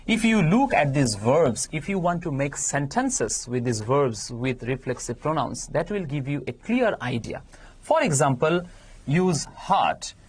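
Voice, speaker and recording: Low husky woman teaching English. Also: darkish tone. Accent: Bangladeshi English. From Bangladesh. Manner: explains patiently, stresses key words with big pitch jumps. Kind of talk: televised classroom lesson.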